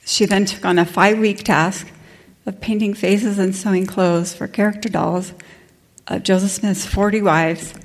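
A woman's voice: mid-range voice, darkish tone. A woman out of breath hosts an event, reading a speaker's introduction. She stumbles a little and restarts words as she goes. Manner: slightly halting, with small stumbles.

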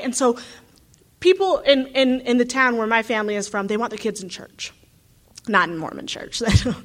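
A woman from the United States speaks in a slightly higher than usual register, earnest and animated. She thinks aloud and breaks up her points with little asides and rhetorical checks. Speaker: graduate student. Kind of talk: reflective talk.

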